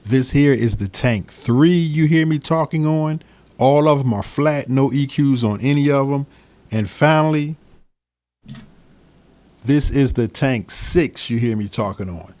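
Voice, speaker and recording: A man's voice: medium pitch, unhurried. Chill guy doing a mic review, mid voice, repeats stuff, talks right at you. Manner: relaxed, repeats phrases, talks straight to viewers. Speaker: DJ reviewing microphones. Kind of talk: casual product review. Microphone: studio microphones he switches between.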